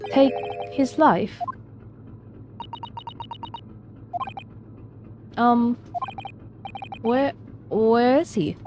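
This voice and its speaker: A woman's voice: fairly low pitch, noisy background. A woman voicing a panicked young male defendant in a game, frantic and pleading.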